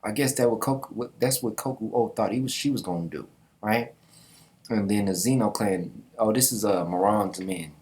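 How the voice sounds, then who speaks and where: A man's voice: lowish voice, normal speed, a little mellow. A man hosting a casual manga reaction, talking in loose slang with laughing asides.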